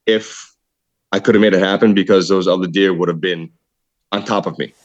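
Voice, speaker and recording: A man excitedly telling a hunting story in casual podcast chat, saying "dude" a lot. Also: sits low, brisk, no echo, muffled recording. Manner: excited, animated retelling with repeated "dude". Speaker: podcast guest, hunter.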